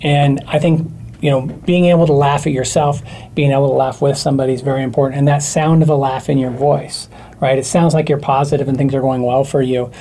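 A man appearing as a guest expert, explaining communication in a loose, animated way with many fillers. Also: medium pitch, brisk, a little hiss or hum. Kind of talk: casual chat.

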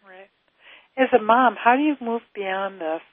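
A woman hosting a radio interview, speaking gently with many fillers and restarts. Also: fairly high pitch, measured pace, narrow, tinny audio. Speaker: radio show host.

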